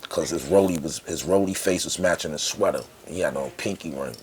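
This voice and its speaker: Low-voiced New York man telling stories. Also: brisk, a little hiss or hum. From Harlem, New York. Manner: animated, acts out quoted people with raised voice. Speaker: podcast guest. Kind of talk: casual storytelling.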